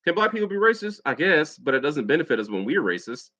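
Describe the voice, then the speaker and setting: A man's voice: on the high side, very animated, fast, pushed and bright, no echo. An American man and Air Force veteran telling a profane personal story in a casual vlog monologue, mimicking other people's lines as he goes. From United States.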